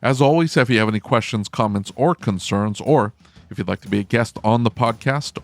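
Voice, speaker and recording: A man's voice: mid-range voice, moderate pace, soft background music. A man hosting a podcast, chatting casually and candidly. He laughs often and speeds up when something annoys him. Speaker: podcast host.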